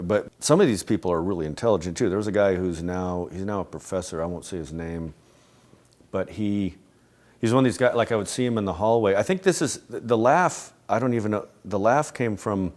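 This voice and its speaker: A middle-aged man with a deep, low voice is giving a relaxed interview. He rambles loosely and keeps breaking off and restarting his sentences, with soft laughs in between. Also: a little fast. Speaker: interviewee, animation creator. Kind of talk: casual reflective interview talk.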